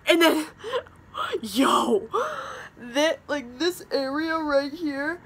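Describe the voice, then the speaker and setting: A woman's voice: high-pitched, extremely slow, a bit bright, slight background noise. A young woman vlogger telling a story to the camera in a chatty, dramatic way, filling her talk with "like". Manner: dramatic, chatty, heavy use of "like".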